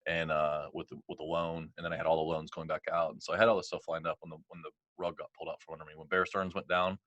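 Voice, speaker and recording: Middle-aged male podcast guest, low voice, bright forceful tone, dry close sound, chatty storyteller. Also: no room sound. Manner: animated, heavy on "like" and quoted dialogue. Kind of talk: casual storytelling interview.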